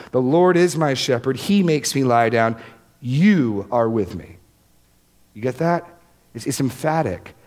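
A man's voice: mid-range voice, darkish tone. A man preaching a sermon as pastor, earnest, repeating phrases for emphasis and lifting his voice on key lines.

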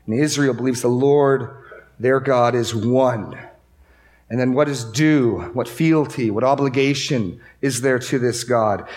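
A man's voice: mid-range voice, unhurried, a little mellow. Emphatic male pastor repeating key lines. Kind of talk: sermon. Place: church room with a congregation.

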